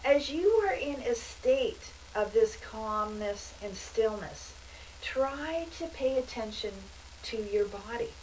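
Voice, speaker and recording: A woman leads a breathing and meditation session in a slow, soothing voice, dropping in easygoing asides. Her voice sits a little high and stays unhurried throughout. She sounds a bit distant from the mic, with a faint noise floor behind her. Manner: slow, calm, soothing delivery with casual asides. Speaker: meditation instructor. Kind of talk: guided meditation instruction.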